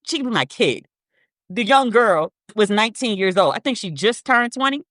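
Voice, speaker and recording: In her podcast's casual commentary, a woman with an expressive, mid-range, fairly bright voice speaks at a moderate pace, bluntly and profanely. She stresses points by repeating words and reads statements out loud, recorded dry and clean in a studio.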